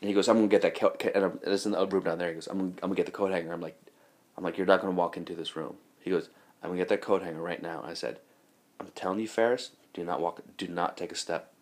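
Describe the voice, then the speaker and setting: A man's voice: low voice, steady tone, fast. A man, a comedian hosting a podcast, telling crude stories in casual, profane chat. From New York. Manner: profane, laughing storyteller.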